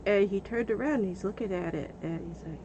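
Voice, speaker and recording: A woman livestreaming, telling a story in a casual, animated way and often breaking into laughter. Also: mid-range voice, fairly quick, lo-fi sound, noisy background. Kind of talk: casual storytelling while gaming.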